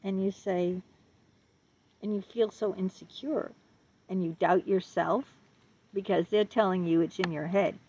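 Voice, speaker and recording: A woman's voice: mid-range voice, fairly even intonation, a little slow, long pauses, mellow. A woman giving a personal account in an earnest way, repeating words for emphasis and laughing nervously between phrases. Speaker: vlogger sharing her experience. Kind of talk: personal testimony to camera. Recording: dull lo-fi audio.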